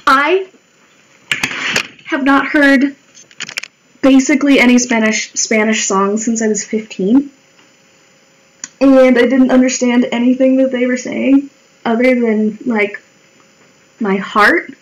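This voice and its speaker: A woman's voice: fairly high pitch, steady tone, takes it slowly, long pauses, highs cut off. A woman from the United States chatting casually while she draws on a stream, rambling, swearing and mocking herself as her voice wears out. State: voice wearing out. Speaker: livestreamer drawing. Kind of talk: casual chat while drawing.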